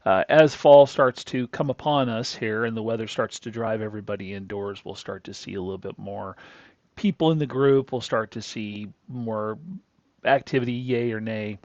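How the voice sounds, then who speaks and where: Male host, casual rambling monologue, gravelly, dry slightly muffled sound. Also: on the low side, moderate pace, a little mellow, no room sound. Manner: rambling, folksy, chuckling asides. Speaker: crypto analysis channel host.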